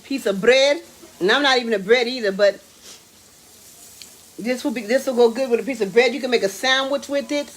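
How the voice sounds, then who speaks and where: A woman, chatting excitedly to viewers while cooking in her home kitchen. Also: a little high, fairly quick, long pauses. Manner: excitable, exclaims with food, talks to viewers as y'all and baby. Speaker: home cook hosting a live cooking stream. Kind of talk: casual live cooking chat.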